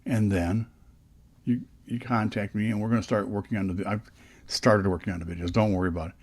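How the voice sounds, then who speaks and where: An older man with a fairly low voice rambles through casual vlog stories, often restarting his sentences. He talks close into a dynamic studio microphone. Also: steady tone, fairly quick, husky. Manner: rambling, chatty, frequent restarts. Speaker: podcast host.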